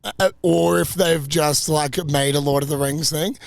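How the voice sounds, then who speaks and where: A young man co-hosting a podcast, telling travel stories in a lively, laughing, foul-mouthed way. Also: a little high, measured pace, creaky, no room sound. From Australia. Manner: animated, laughing, swearing storyteller. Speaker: podcast co-host. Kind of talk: casual travel storytelling.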